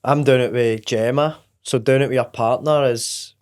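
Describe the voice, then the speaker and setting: A man's voice: medium pitch, fairly even intonation, normal speed, darkish tone, clear, resonant tone. A Scottish man hosting a podcast, chatting in an easygoing, agreeable way. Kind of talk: casual chat.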